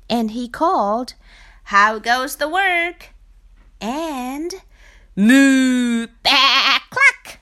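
A woman reads a picture book aloud to children in a bright, high voice. She takes her time, letting her pitch swoop up and down with lots of expression on every line. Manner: expressive, sing-song storytelling. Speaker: storybook reader.

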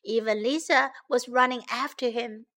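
Bright, expressive woman reading a children's story. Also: a little high. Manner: slow, clear and expressive. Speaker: children's story reader and English teacher.

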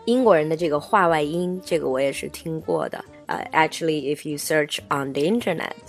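A woman's voice: low voice, lively intonation, fairly quick, faint music behind. A woman co-hosting an educational chat whose first language is Mandarin Chinese, curious and asking questions as she explains things in two languages. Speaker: co-host.

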